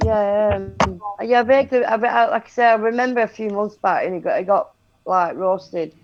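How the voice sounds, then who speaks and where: A woman's voice: medium pitch, normal speed, background noise. Woman, laid-back co-host, short agreeing replies, dull lo-fi call sound. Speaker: co-host of a livestream panel. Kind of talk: casual chat. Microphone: remote call.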